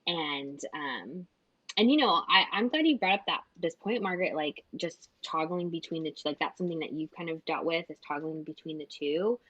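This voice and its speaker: A woman's voice: low voice, normal speed, fairly bright tone, no echo, muffled recording. A woman co-hosting a casual podcast who rambles, leaning heavily on filler words. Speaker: behavior analyst and podcast co-host.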